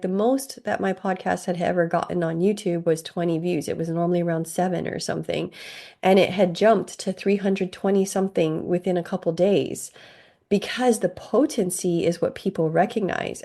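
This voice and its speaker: A woman's voice: on the low side, dark tone. A woman from Hawaii, a podcast guest, telling stories earnestly with lots of fillers in casual interview chat. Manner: earnest, filler-heavy storytelling.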